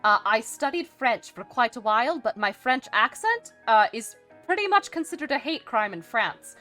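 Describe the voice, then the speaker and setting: A woman streamer talks casually in character, rambling along with plenty of "uh"s and restarts. Her voice sits a little high and swings widely in pitch. A touch of dry, smug humor runs through it, with soft music faintly behind her. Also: expressive, moderate pace. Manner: rambling, hesitant, many fillers and restarts. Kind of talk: casual live-stream chat.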